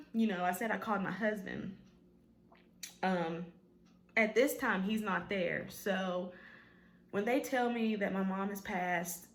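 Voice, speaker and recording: A woman's voice: mid-range voice, roomy sound. A woman telling a personal story in a vlog, emotional, with many fillers, often quoting what others said. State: tearful at times. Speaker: vlogger.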